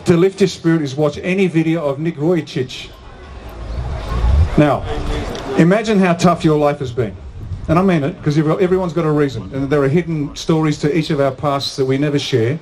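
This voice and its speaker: Emphatic male motivational speaker, slightly high voice. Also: a little mellow, slight background noise. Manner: emphatic, repeats key phrases for impact. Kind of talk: live public talk and Q&A. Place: outdoor event on a hot day.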